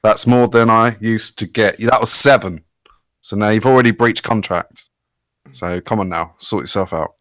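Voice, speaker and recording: A man co-hosting a casual podcast, sweary and mock-boastful with a deadpan edge. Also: fairly low pitch, moderate pace, dry recording, studio quality. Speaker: podcast co-host. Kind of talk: casual banter.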